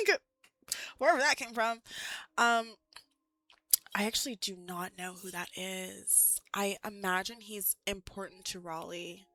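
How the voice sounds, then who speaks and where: A woman's voice: medium pitch, sharp tone. A woman streaming live, chatting casually with viewers in a rambling, giggly way, full of "like".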